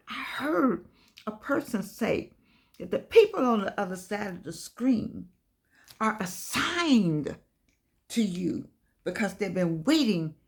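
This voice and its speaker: An older woman giving an inspirational talk, telling stories in an animated, preacher-like way and repeating her phrases for effect. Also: medium pitch, vocal fry. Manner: animated preacher-like storytelling with repetition. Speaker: host.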